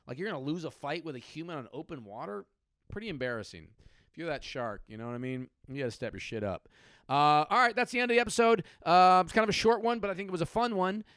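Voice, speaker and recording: A man's voice: a little high, a bit bright, no room sound, clean studio sound. A man in his thirties hosting a comedy podcast, riffing profanely on odd news stories and slipping into mock voices.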